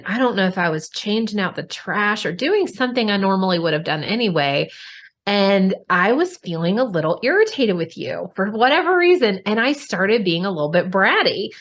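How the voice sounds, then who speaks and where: A woman hosting a podcast, talking frankly and expressively, swearing casually and speaking straight to her listeners. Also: mid-range voice. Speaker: podcast host. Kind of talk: candid conversational podcast talk.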